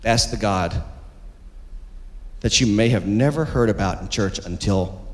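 A man's voice: on the low side, measured pace. A man preaching a sermon as pastor, with emphatic, repetitive delivery that calls for the congregation to respond. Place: church sanctuary. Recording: long reverb of a church hall.

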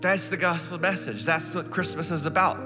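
A middle-aged male pastor preaching a sermon, telling stories and building to loud, emphatic preaching. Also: a little high, fairly even intonation, fairly quick, big-room sound, music in the background.

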